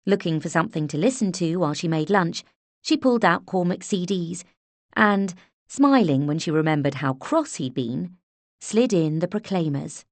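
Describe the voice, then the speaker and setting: A woman narrating an audiobook in a measured, unhurried way, close to the mic. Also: lowish voice, animated, no room sound. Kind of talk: scripted narration.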